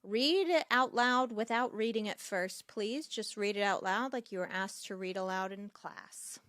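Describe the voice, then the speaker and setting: A woman's voice: mid-range voice, measured pace, a bit bright, no room sound. Podcast girl chatting away, mid voice, dry close sound. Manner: chatty, reads out news stories. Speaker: podcast co-host. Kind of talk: casual chat.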